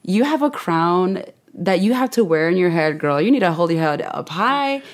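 A young woman speaking as a podcast guest in a heartfelt, animated, faith-filled chat, leaning often on "like". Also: fairly low pitch, moderate pace.

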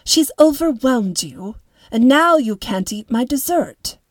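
A woman voicing a no-nonsense housekeeper who talks in a clipped, brisk way. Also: high-pitched, expressive, no echo, pitched above the performer's own voice, exaggerated voice.

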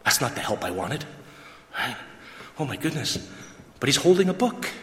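A man's voice: mid-range voice, sing-song, normal speed, fairly bright tone. A man giving an emotional testimony to an audience, acting out the dialogue as a dramatic storyteller. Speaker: gospel mission worker giving testimony. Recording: echoey hall with long reverb.

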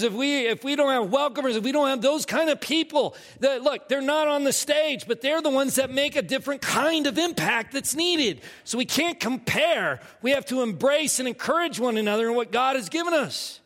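A middle-aged male pastor preaching a sermon with animated delivery, laughing asides and repeated words. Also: very high-pitched, big-room sound.

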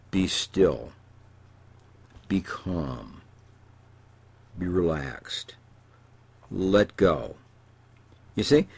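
A man speaking as a therapist, giving a calm, slow instructional talk and often checking in with "okay?", dropping to a hush on calming words. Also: lowish voice, slightly rough, no echo. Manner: softens and drops to a hushed voice on calming words.

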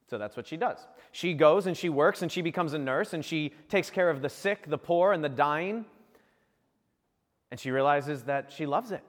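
Lively, playful man telling a story. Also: fairly high pitch, normal speed, big-room sound. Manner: playful, jokey storyteller who acts out the characters. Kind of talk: humorous storytelling homily.

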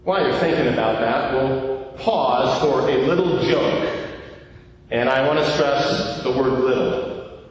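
A man's voice: medium pitch, measured pace, a little hiss or hum. A male pastor preaching a sermon in a church, putting questions to the congregation and joking at his own expense. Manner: questions the congregation directly, self-deprecating humor. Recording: echoey church hall, miked from far off.

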